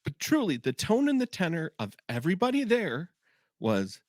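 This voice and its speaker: A man's voice: sits high, wildly swooping pitch, normal speed, no room sound, clean studio sound. A man co-hosting a podcast, talking earnestly and reflectively. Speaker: podcast co-host. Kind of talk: casual chat.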